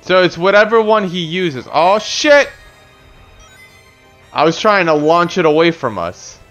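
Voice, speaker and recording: A man's voice: sits high, very animated, a little slow, a bit bright, soft background music. A young man giving loose, profane, slangy commentary as the host of a gaming channel. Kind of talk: casual gameplay commentary.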